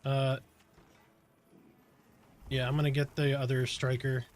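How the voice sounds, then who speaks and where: A man's voice: mid-range voice, unhurried, slight background noise. A man streaming a game, chatting casually with his viewers and answering their questions while he plays. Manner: relaxed, chatty, reads and answers chat while focused on the game. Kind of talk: casual live-stream chat while playing.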